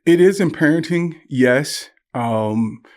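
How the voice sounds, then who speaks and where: An older man speaks as a podcast guest. He tells stories with lively swings in pitch and often slips into the voices of the people he quotes. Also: slow pace. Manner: animated storyteller, acts out quoted voices. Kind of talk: conversational interview.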